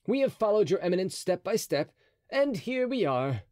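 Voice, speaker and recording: A man's voice: high-pitched, very animated, moderate pace, darkish tone, dry recording, studio quality, pitched above the performer's own voice. A man voicing a bold, mocking young Gascon swordsman in an audiobook, speaking with teasing courtesy.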